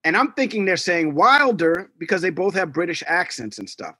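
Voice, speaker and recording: A man's voice: sits high, moderate pace, no room sound. Man telling stories, dry sound. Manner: animated storyteller acting out quotes. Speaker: podcast co-host. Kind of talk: casual chat.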